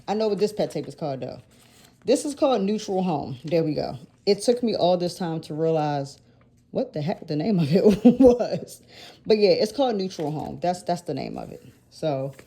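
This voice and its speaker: A woman in her thirties vlogs about decorating her planner, rambling loosely, correcting herself often and laughing between thoughts. Her low, mellow voice gives it the feel of a relaxed chat.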